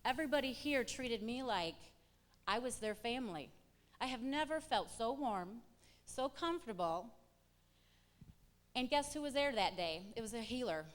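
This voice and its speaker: Middle-aged woman, church testimony, lively storyteller acting out dialogue, long hall reverb. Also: on the high side. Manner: animated storyteller acting out quoted exchanges. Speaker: church member giving testimony. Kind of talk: personal testimony to a congregation.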